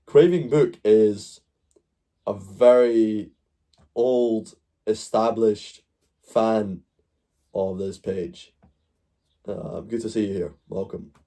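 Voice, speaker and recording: Mellow man rambling on stream. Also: on the low side, little pitch movement, extremely slow, long pauses. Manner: rambling, answers chat between points. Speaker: live stream host. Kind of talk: casual live stream chat.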